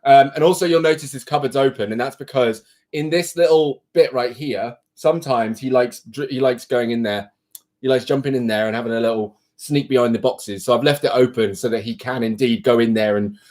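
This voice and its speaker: A British man on a home live stream who talks in a loose, rambling and self-mocking way. His pitch sits a little high and jumps around a lot as he chats. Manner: chatty, rambling, self-deprecating. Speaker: livestream host. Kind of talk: casual live-stream chat. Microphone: computer mic.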